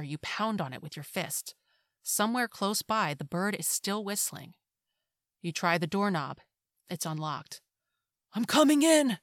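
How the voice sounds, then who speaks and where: A woman reading a second-person short story aloud in a hushed, intimate way that often drops to a whisper. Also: lowish voice, dry recording, studio quality. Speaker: story narrator.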